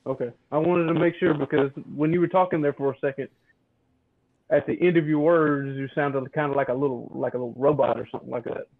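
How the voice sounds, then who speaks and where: A man co-hosts a casual game stream, tossing in short reactions and chuckling asides. His voice sits a bit high and comes through a thin, phone-like voice-chat line. The sound is dry. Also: steady tone, fast talker, no room sound. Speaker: co-host. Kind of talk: casual gaming livestream chat.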